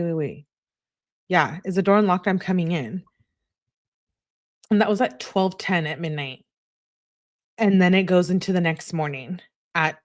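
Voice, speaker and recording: A woman hosting a true crime channel, reading text messages aloud in an easygoing way and chatting to her viewers between them. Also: fairly low pitch.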